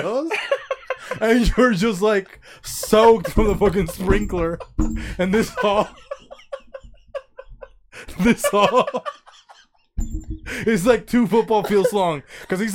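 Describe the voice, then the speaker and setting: A man's voice: high-pitched, background noise. A man hosting a comedy podcast, telling a crude rambling story and laughing through his lines. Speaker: podcast host.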